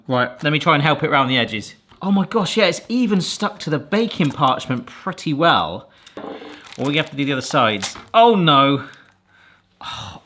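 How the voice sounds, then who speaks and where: A man chats through his cooking vlog, exclaiming often as he goes. His pitch leaps around a lot. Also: a little hiss or hum. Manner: chatty, excitable, exclaims often. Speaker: cooking video host.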